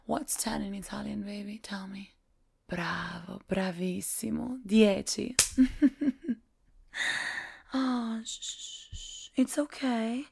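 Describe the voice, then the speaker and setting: A woman playing a strict, teasing Italian tutor in a whispered role-play, slow and domineering with soft laughs. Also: on the high side, creaky, breathy edge, exaggerated voice.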